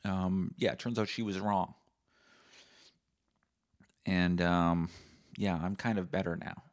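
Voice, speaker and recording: Man, 30s, podcast host, somewhat low voice, sardonic, profane, casual solo rant. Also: fairly even intonation, takes it slowly. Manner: sardonic, profane, swings into loud mock-angry outbursts.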